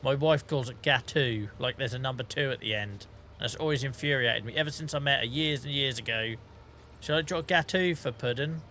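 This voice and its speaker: This Norfolk-accented English game streamer talks fairly quickly in a medium-pitched, pushed and bright voice. He laughs a lot, reads out chat messages and chats casually while playing, over a little hiss or hum.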